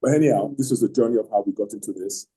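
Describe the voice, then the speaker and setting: A man in middle age tells a long story over a video call, husky and mellow in tone. He rambles, repeats himself, and starts his sentences over and over. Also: on the low side, rapid-fire, rough recording. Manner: rambling, repeats words and restarts often. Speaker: host telling his marriage story. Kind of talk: casual storytelling on an online call. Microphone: online video call.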